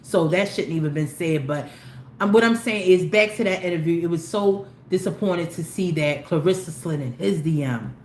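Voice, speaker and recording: A woman hosting a casual celebrity gossip commentary, animated and opinionated, with slangy talk that swings between low asides and loud exclamations. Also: normal speed. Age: older. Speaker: commentary host. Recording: echoey room with faint ambient noise.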